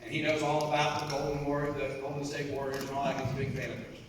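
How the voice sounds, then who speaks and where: Energetic man in an echoey hall. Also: fairly high pitch, fast talker, far from the mic, background noise. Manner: energetic, emphatic, repeats key points. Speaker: motivational convention speaker. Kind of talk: motivational stage speech. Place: large convention hall.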